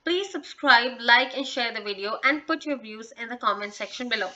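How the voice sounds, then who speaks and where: Bright-voiced woman teaching English. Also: on the high side, lively intonation, normal speed, dull audio. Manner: hesitant, many fillers and restarts, encouraging. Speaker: English teacher and channel host. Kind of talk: casual video lesson.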